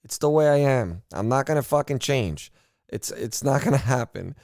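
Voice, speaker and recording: A man's voice: mid-range voice, expressive, moderate pace, gravelly, a little mellow, no room sound, studio quality. A man from Miami hosting a casual political podcast, talking in a blunt, unfiltered and profane way. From Miami, United States. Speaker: podcast host.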